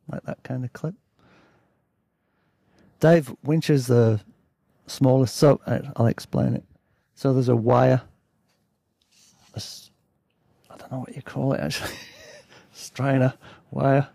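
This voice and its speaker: A man's voice: mid-range voice, fairly even intonation, a little slow, vocal fry, long pauses, dark tone, slightly rough, no echo. A man reading his own travel memoir aloud in a laid-back, chatty way, breaking off for asides and self-corrections. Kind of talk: casual story reading.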